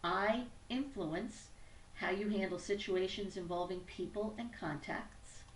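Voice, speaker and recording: A woman's voice: medium pitch, unhurried. A woman presenting a business training tutorial in an upbeat, conversational teaching manner. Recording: roomy echo, distant mic, faint background noise.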